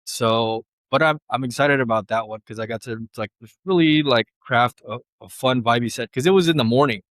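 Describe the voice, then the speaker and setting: In a podcast studio, a young adult man appearing as a guest DJ tells stories during a casual interview, speaking fairly quickly in relaxed slang with plenty of fillers. He gets animated when quoting people, acting out their voices at a higher pitch. The studio mic captures him dry and close, without any echo.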